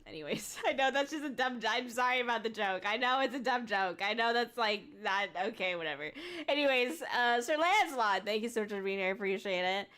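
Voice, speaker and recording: Young woman streamer, high voice, giggly, casual chat with viewers. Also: lively intonation, fairly quick, a bit bright, smooth. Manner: giggly, laughs often, swears casually.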